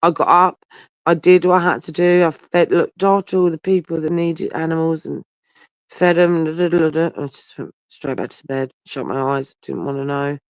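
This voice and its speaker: This livestreamer, a tired and yawning guy, rambles and swears directly at viewers in a casual live chat, phone right up to his face, giving a dull, dry sound. His voice is on the high side, clear and resonant, with fairly even intonation, a moderate pace and no room sound.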